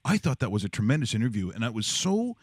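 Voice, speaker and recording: Male podcast host, chatty and rambling, pitch swinging a lot, dry close sound. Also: very animated, fast, no room sound. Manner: enthusiastic, rambling with many fillers. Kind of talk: casual interview chat.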